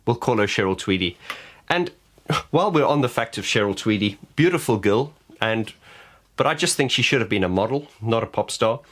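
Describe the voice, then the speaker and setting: A man's voice: on the low side, animated, brisk. A man vlogging to camera, giving frank opinions in a blunt way and often restarting his words. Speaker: vlogger and vocal coach. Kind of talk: casual opinion rant to camera.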